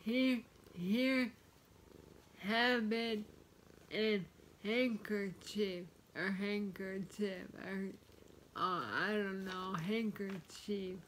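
A woman vlogging casually at home, practicing words slowly and carefully, one at a time. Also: medium pitch, steady tone, fairly bright tone, a little hiss or hum. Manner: slow, careful word-by-word practice; chatty, talks to her cat. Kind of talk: casual vlog and speech practice. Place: home, with a cat nearby.

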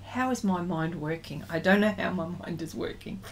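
Chatty woman talking through a painting livestream. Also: lowish voice. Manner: chatty, reads viewer comments aloud and answers them; talks slowly while working, trails off into fillers. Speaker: artist hosting a livestream. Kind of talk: casual livestream chat while painting.

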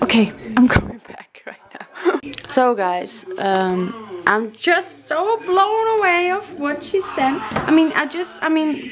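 A young woman with a high voice unpacks craft mail at home in a casual chat. She gushes, gasps and thanks the sender again and again. She talks at an unhurried pace. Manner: gushing, gasping, effusive thanks. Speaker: craft vlogger opening mail.

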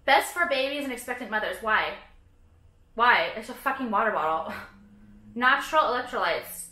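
A woman's voice: on the high side, animated, normal speed, sharp tone, echoey room. A woman vlogging casually, ranting about products with heavy swearing, sarcasm and lots of "like". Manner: profane, sarcastic, frequent "like".

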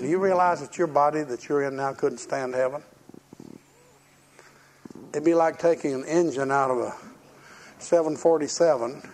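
Husky folksy older male preacher. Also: on the high side, darkish tone. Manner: folksy storytelling, acts out quoted voices. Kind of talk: sermon.

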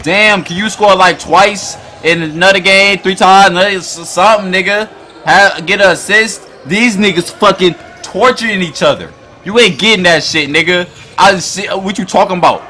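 A man hosting a basketball reaction video, talking in a loud, hyped, profane way and often shouting at the screen. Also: high-pitched, moderate pace, slight background noise. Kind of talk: excited basketball reaction commentary.

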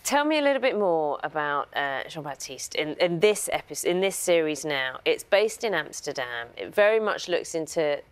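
A woman's voice: low-pitched, very animated, normal speed, few pauses, smooth. A woman presenting a TV interview who chimes in with playful teasing. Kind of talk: TV interview chat.

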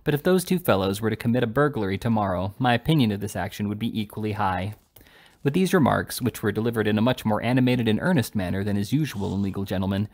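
A man with a lowish voice reads a classic novel aloud. His narration is steady and even, with a calm, measured delivery. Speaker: audiobook reader.

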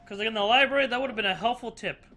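High-pitched, excitable swearing gamer man. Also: very fast. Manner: excitable, swears a lot, jokey. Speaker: gameplay commentator. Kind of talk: let's play commentary.

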